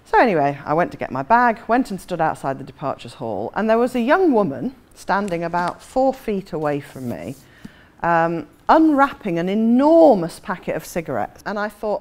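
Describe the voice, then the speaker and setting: This fortysomething author's voice is fairly low and darkish, very animated, at a normal speed. She's telling a story at her own expense, laughing frequently throughout.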